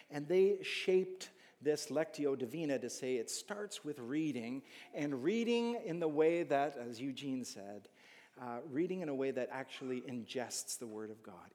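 A man preaching a sermon in a lively, animated manner, jumping from loud emphatic rises to hushed asides. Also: medium pitch. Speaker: pastor. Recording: long hall reverb.

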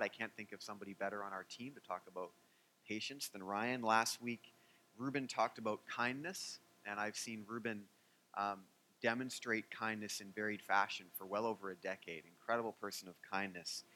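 Bright-voiced joking pastor. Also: male voice, mid-range voice. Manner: animated and joking, with many fillers. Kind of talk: sermon.

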